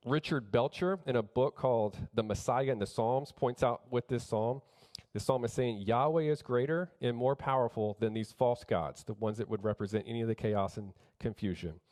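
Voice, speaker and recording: A man preaching a sermon as pastor, emphatic, rising louder on key points and often restarting his phrases. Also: mid-range voice, moderate pace.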